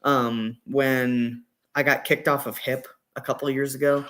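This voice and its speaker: A man from Indiana talking as a guest on a casual livestream, halting and full of fillers. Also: mid-range voice, level tone, fairly bright tone. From Indiana, USA. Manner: halting, lots of fillers and hedges. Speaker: guest on stream.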